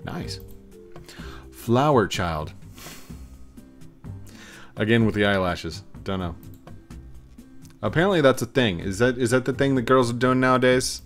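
A man's voice: mid-range voice, lively intonation, unhurried, pauses often, faint music behind. A young man hosting a gaming video, casually commenting on camera filters in a playful, rambling, self-mocking way. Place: warm home studio.

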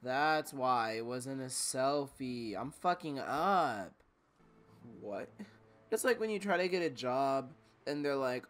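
A man's voice: medium pitch, animated, slow, fairly bright tone, faint music behind. A man doing casual let's-play commentary, joking, swearing and laughing to himself as he plays. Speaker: gamer.

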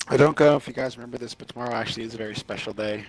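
A man in his twenties streaming a game with friends, teasing them in deadpan jokes. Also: medium pitch, racing, low-quality recording. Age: 20s. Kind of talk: casual gaming banter.

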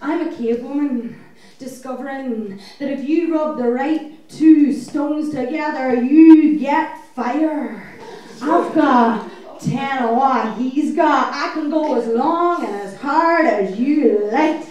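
High-voiced woman performing spoken word. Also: slow pace, a little mellow, distant mic. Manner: wry, punchy, laughing between lines. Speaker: feature poet. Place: club stage. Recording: echoey club heard from afar.

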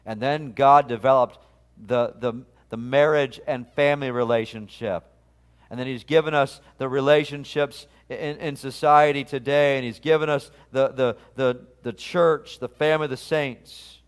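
A man's voice: medium pitch, fairly even intonation, normal speed, clear, resonant tone. A man, a pastor, preaching a sermon in an earnest, conversational way, often restarting his phrases. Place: church sanctuary.

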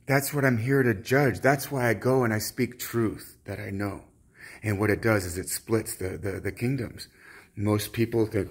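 Guy with a low husky voice going on about god stuff, keeps stopping and restarting. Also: steady tone. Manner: fervent, halting, with many restarts. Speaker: self-styled prophet. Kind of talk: rambling religious monologue.

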